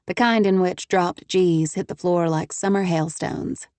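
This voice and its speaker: A woman narrating a first-person romance audiobook with crisp, measured storytelling. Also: lowish voice, fairly even intonation, a little mellow, dry recording.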